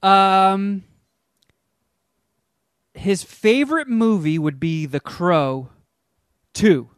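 Brief: man, fairly high voice, dry close sound, casual comic storyteller. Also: drawn-out words, smooth, no echo. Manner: animated, rambling, self-mocking; acts out quotes in character voices. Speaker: podcast co-host.

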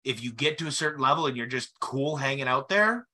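A man's voice: mid-range voice, expressive, brisk, sharp tone. A man hosting a casual podcast who wraps up the talk in an easygoing way and hands the turn to each guest. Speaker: podcast host.

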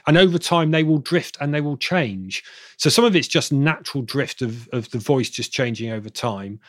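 A man's voice: mid-range voice, animated, normal speed, no echo, clean studio sound. A man from southern England with a southern English accent, answering interview questions at length as an expert guest, often restarting his sentences. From Bristol, England. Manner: rambling, self-correcting explainer.

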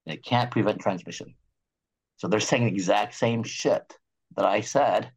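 A man's voice: lowish voice, normal speed, breathy edge. A man, a doctor appearing as a guest, talking animatedly and speculating in a casual interview.

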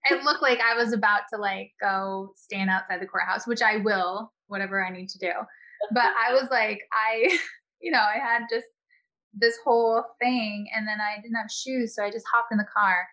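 A woman guest, a health and wellness expert, in casual chat, talking in a chatty, animated way and laughing often. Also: medium pitch, moderate pace.

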